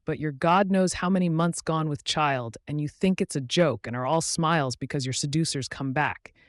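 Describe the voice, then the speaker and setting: Brief: a man reading an indignant, tearful Scottish woman in a dry audiobook, voice pitched up. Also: normal speed, no echo, close to an everyday voice. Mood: sobbing. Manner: reproachful, sobbing.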